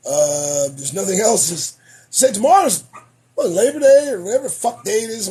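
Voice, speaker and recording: A man hosting a podcast, losing his voice, delivering an emphatic, preachy commentary monologue that swings between loud declarations and muttered asides. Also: sits high. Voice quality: husky. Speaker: podcast host.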